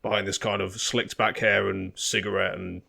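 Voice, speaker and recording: A man with a low, gravelly voice talks about a record in a relaxed, conversational way. He sounds like he is chatting with friends on a podcast. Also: normal speed. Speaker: podcast co-host. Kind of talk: casual album review chat.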